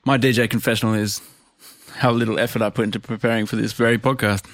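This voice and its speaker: A man's voice: fairly low pitch, fairly even intonation, fast talker, no echo. A man co-hosting a podcast in casual chat, wry and self-mocking. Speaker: podcast co-host.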